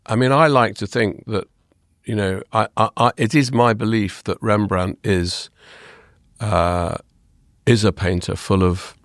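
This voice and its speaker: In a clean, dry studio recording, a man with a lowish voice speaks steadily and a little slowly. He's a guest on a conversational interview, an art historian and author, and his answers come out long, eager, and rambling, with frequent restarts.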